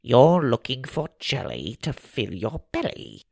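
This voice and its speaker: Man acting out a forest gnome, nasal, gravelly, rhyming and riddling, lively sing-song, storybook voice. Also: mid-range voice, unhurried, no room sound, clean studio sound, full character voice. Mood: sly. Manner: speaks in rhymes with inverted word order. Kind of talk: storybook character voice.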